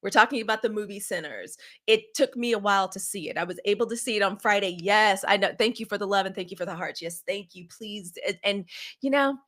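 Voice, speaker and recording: A woman's voice: medium pitch, a little fast. A woman in her fifties from Mississippi chats on her own livestream. She gushes over her viewers, welcomes them again and again, and keeps saying "y'all". Her talk is loose and unscripted, with many ums and restarts. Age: 50s. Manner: warm, effusive greetings to viewers, lots of "y'all". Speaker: livestream host. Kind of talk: casual livestream chat. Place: home setup.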